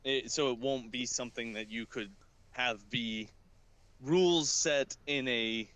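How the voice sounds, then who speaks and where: A man's voice: mid-range voice, measured pace, fairly bright tone, clean tone. A man co-hosting a casual podcast chat who keeps asking follow-up questions. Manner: inquisitive, asks follow-up questions. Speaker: podcast co-host.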